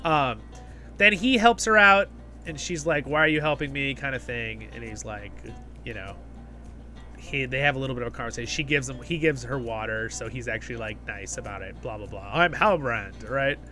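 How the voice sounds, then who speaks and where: Bright, lively man gushing in a review. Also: medium pitch, moderate pace, soft background music. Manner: enthusiastic, rambling, keeps asking "right?". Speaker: host of a fan review channel. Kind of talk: casual episode review.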